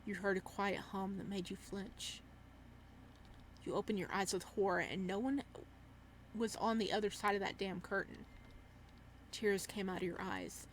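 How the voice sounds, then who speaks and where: A woman's voice: medium pitch, level tone, normal speed, pauses often, slight background noise. A woman hosting a gaming channel, reading a horror visual novel aloud with dramatic delivery and startled, swearing reactions.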